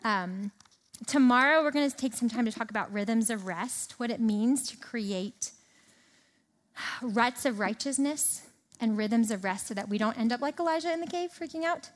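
A woman's voice: a little high, normal speed. A woman preaching a sermon in a casual, conversational way, reading scripture aloud and paraphrasing it in everyday talk. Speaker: speaker teaching a Bible passage.

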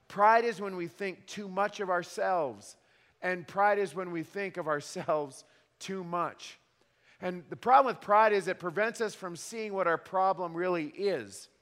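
A man in his thirties delivers a sermon as a pastor, his voice a touch high and his delivery animated and wry. He leans on emphatic repeats. The sound rings with the long reverb of a large church hall. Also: a little slow.

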